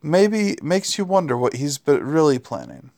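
A man's voice: a little high, very animated, moderate pace, vocal fry, a little mellow. A man voicing a laid-back male demon who talks in a wry, sarcastic way.

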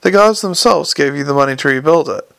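A man voicing a jittery young bank worker with a high, quavering, anxious voice in a storybook reading. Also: expressive, brisk, creaky, fairly bright tone, dry recording. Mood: fretful.

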